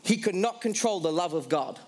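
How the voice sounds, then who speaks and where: Preaching to his congregation, a man poses questions to the audience and then answers them himself, slowing sharply on the key phrases. His voice is high-pitched and expressive.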